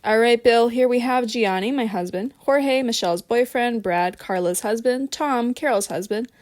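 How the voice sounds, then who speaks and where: A woman reading the part of a worried female party hostess, speaking quietly and confidingly. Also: on the high side, normal speed, no room sound, studio quality, natural voice. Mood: announcing.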